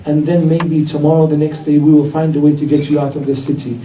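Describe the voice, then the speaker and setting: A man delivers a sermon, retelling a tragic story in a grieving, narrative tone. His voice sits high and mellow. The recording carries a lot of echo from a hall, with the mic well away from him. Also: little pitch movement, fast, a little hiss or hum. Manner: mournful storytelling, voicing the figures in quotes. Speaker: speaker at a religious gathering. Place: hall of a religious gathering. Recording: echoey hall, mic at a distance.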